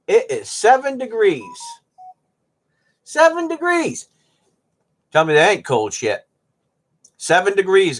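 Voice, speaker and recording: A middle-aged streamer chatting casually to viewers from home. The voice swings up and down a lot, with folksy banter and a steady middle pitch. The talk is loose, joking and animated. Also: husky. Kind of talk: rambling casual chat to viewers. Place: at home on a cold day.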